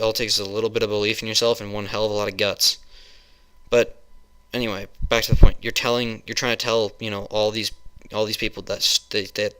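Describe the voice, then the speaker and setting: A man's voice: fairly low pitch, sharp tone. A man in his early twenties ranting heatedly into a webcam, rambling with many restarts and swearing. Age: 20s. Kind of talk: webcam rant.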